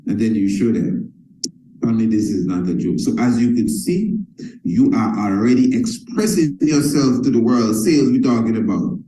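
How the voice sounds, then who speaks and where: Man, motivational sales coach, mellow emphatic voice, repetitive delivery, echoey room. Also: fairly low pitch, normal speed. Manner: emphatic and repetitive, addresses listeners as family.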